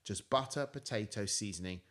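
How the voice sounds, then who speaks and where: A man with a British accent, a podcast guest, chatting casually and telling lively stories, acting out the voices of people he quotes. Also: lowish voice, moderate pace. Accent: British English. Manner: animated storyteller, acts out quoted dialogue. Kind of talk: casual chat.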